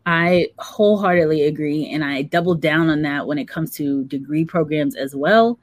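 A woman's voice: sits low, moderate pace, no room sound. Woman host in dry, close sound. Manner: conversational, adds to co-host's points. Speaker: show host reading viewer comments. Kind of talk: live career-advice chat.

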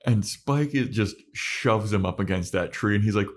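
A young man co-hosting a podcast, chatting casually and animatedly acting out characters' lines as he recaps an episode. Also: fairly low pitch. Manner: animated, acts out characters' lines in quick voices. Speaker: podcast co-host. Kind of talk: casual chat recapping a show.

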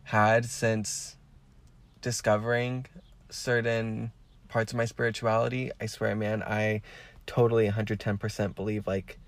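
A man's voice: on the low side, flat delivery, unhurried. A man hosting a podcast, talking frankly in a casual, rambling way with lots of swearing. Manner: frank and heavily profane; rambling with many fillers. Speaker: podcast host.

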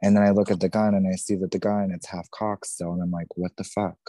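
As a podcast guest, a man in his thirties with a very low, dark voice recounts a painful personal story, speaking rawly and intensely, swearing freely and repeating himself. Despite that, his delivery is flat and fast, and the sound is close and dry.

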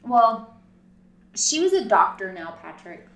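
A woman co-hosting a casual true-crime podcast, telling the story in an animated way with sarcastic asides. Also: mid-range voice, slow pace. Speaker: podcast co-host. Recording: roomy, distant mic.

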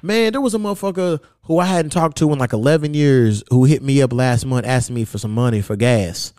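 A man's voice: mid-range voice, a little fast, darkish tone, dry recording, clean studio sound. A man hosting a podcast in casual chat, telling stories bluntly and cursing constantly. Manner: blunt, profane storytelling. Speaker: podcast host.

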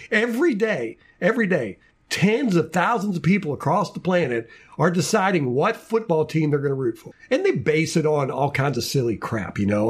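A man's voice: on the high side, breathy edge. A man hosting a casual sports podcast, ranting with lots of repeated words and restarts. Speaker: podcast host.

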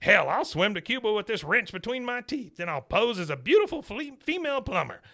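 A man's voice: sits high, very animated, brisk, sharp tone, pitched above the performer's own voice, heavily acted. Man doing a barking, bossy old military dad.

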